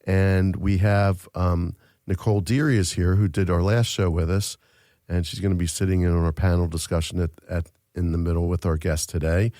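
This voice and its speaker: A man hosts an interview show from a studio. His voice is low and mellow, and he chats casually, joking and padding with fillers. The recording is dry and close. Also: steady tone, moderate pace, dry recording. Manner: chatty, filler-heavy, joking. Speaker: podcast host.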